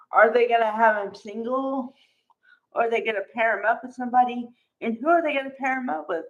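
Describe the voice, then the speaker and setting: Chatty woman recapping soaps, lo-fi. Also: a little high. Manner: chatty, exclamatory, acts out quotes. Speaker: soap opera recap vlogger. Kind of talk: casual soap recap.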